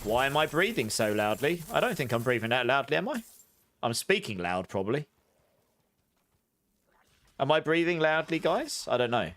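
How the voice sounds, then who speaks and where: A man streams a game and chats casually with live viewers, talking loudly and briskly with big pitch swings and audible breaths between sentences. His chatter rambles and corrects itself. He uses a high-gain desk studio mic, and clear background noise is audible.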